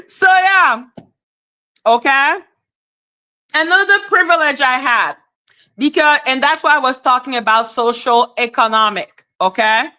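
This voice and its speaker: A woman hosting a casual livestream chat, animated and casual, checking in with viewers with "okay?", laughing often and swearing casually. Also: high voice, a little slow. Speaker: livestream host.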